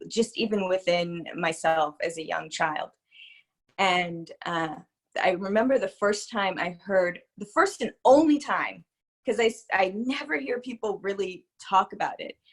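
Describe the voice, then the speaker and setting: Speaking on the low side, a woman who works as a spiritual psychologist talks as a guest in an interview. She is candid yet hesitant, reflecting through frequent pauses.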